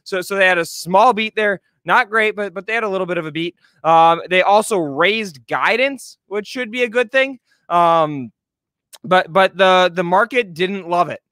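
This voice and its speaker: A man's voice: high voice, normal speed, pushed and bright, dry recording, studio quality. A man hosting a casual live stream about stocks, chatty and joking, with lots of fillers and repeated words. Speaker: show host, stock commentator. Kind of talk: casual live market commentary.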